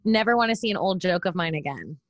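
A comedian in her late twenties chatting casually on a podcast from her family's home, relaxed and swearing casually. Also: lowish voice, fast, dry recording. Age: 20s. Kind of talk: casual chat.

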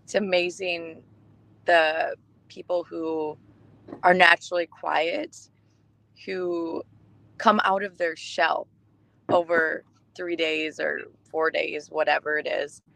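A woman co-hosting a podcast, telling stories in casual chat, warm and emotional, with many restarts. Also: deep voice, fairly even intonation, slow pace, vocal fry, no room sound, rough recording. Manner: chatty storytelling with restarts, emotional. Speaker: podcast co-host.

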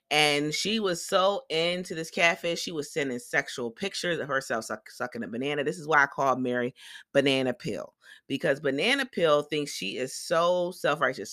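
A podcast host giving a blunt, profane recap monologue and acting out other people's quotes in quick voices. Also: medium pitch, pushed and bright, dry recording, clean studio sound. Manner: blunt and sassy, heavy swearing. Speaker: podcast host reviewing a reality show.

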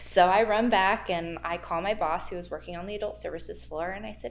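A woman's voice: lowish voice, fairly quick, vocal fry, slight background noise. A woman guest telling a spooky workplace story in a podcast interview, acting out the quoted dialogue with big jumps in her voice. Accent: American Midwest. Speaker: guest, library archives worker.

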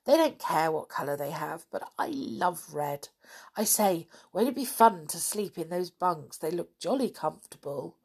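A woman reading a children's storybook aloud, voicing an excitable young girl with a breathless, gushing manner. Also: on the low side, normal speed, breathy edge. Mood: excited.

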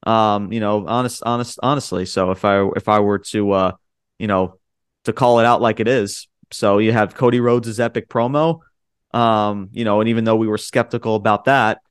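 A man's voice: fairly low pitch, fairly even intonation, normal speed, clean tone, dry recording, studio quality. A man hosting a podcast, giving a casual wrestling show recap. He rambles, leans hard on fillers like "you know" and "um", and speaks his opinions bluntly. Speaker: podcast host.

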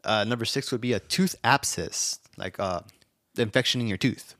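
A young man co-hosting a podcast, telling stories in a quick, profane, laid-back way. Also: on the low side, a bit bright, no echo, clean studio sound. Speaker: podcast co-host. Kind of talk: casual podcast banter.

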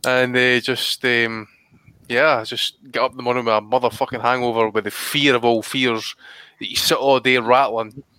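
A man co-hosting a podcast, telling long, sweary stories in a loose chatty way. His voice is bright and forceful. The sound is dry and close. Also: medium pitch, little pitch movement, moderate pace, clean tone, no room sound. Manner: rambling, sweary storytelling. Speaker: podcast co-host. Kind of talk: casual chat.

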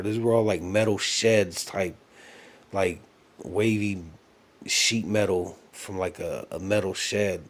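A man casually recounting a dream in an earnest, reflective way, with many fillers, restarts and searching for words. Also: fairly low pitch.

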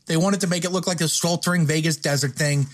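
A man's voice: on the high side, fairly even intonation, fast. A man hosting a casual film review podcast, blunt and profane, often correcting himself mid-thought. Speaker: podcast host.

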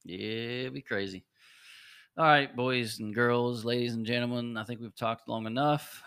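A middle-aged man co-hosts a sports podcast, spinning anecdotes and teasing his co-hosts. His voice is mid-pitched and dry, close to the mic. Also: fairly even intonation, normal speed, a bit bright, smooth, dry recording. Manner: storytelling, teasing, laughs. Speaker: podcast co-host. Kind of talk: casual sports chat.

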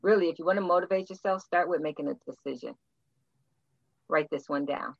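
A woman's voice: low-pitched, brisk, gravelly, pauses often, no room sound, dull audio. A woman guest coach giving blunt, emphatic motivational advice in a playful, preacherly style.

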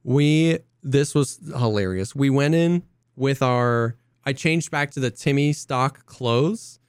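Young guy on a podcast mic, super animated storyteller, smooth clear voice, dry close sound. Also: slow pace, no echo. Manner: excitable storyteller, acts out quotes in high voices. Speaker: podcast co-host. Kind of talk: casual chat.

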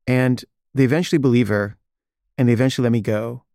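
A man telling a personal story in a relaxed, rambling way, with fillers and self-amused laughs. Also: mid-range voice, fast talker, vocal fry, no room sound, studio quality. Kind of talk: casual personal anecdote.

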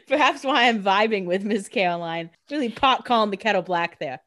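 A young woman co-hosting a podcast, chatting casually about a TV episode with quick jokes and plenty of "like". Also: mid-range voice, lively intonation, fairly bright tone. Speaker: podcast co-host. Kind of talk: casual recap chat.

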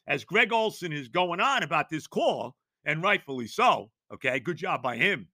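Fired-up ranting man, bright and sharp. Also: fairly high pitch, very animated, moderate pace, dry recording, studio quality. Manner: exasperated, ranting, stammering restarts, bursts of shouting. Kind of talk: sports talk rant.

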